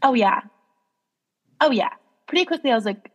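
Young woman co-host, highish voice, chatty and giggly, says like a lot. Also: animated, unhurried, long pauses, in a large hall, highs cut off. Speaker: podcast co-host. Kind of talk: casual chat, storytelling. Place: New York.

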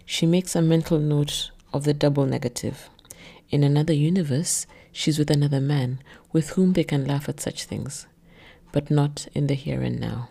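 A woman narrating her own written story in a measured, low-key way. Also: fairly even intonation, creaky, mellow, husky. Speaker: narrator and author.

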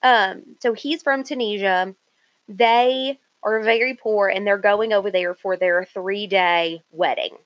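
A woman's voice: mid-range voice, fairly even intonation, measured pace, no room sound. A woman talking casually and at length, walking through what happened on a show. Her voice sits in the middle of the range and sounds dry and close, with no room around it. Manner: chatty, retells a show in detail. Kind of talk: casual chat.

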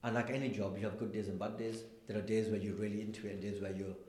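A man, a stand-up comedian, chatting casually in an interview and acting out people in his anecdotes with animated delivery. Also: lowish voice, quick pace, reverberant.

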